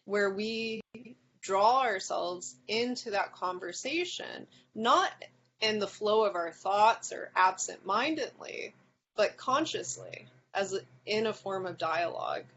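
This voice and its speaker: A woman leading a reading group discussion, thinking aloud with many pauses and restarts, sometimes reading passages aloud. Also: mid-range voice, lively intonation, a bit bright, highs cut off, slight background noise. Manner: thoughtful, hesitant with many ums and restarts.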